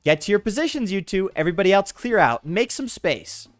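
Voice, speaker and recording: A man's voice: sits high, big pitch swings, a little fast, dry recording, pitched above the performer's own voice. A man reading a game's dialogue aloud in his own voice, voicing a sassy, bossy teenage girl student who teases her shy younger brother. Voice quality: teasing, sarcastic.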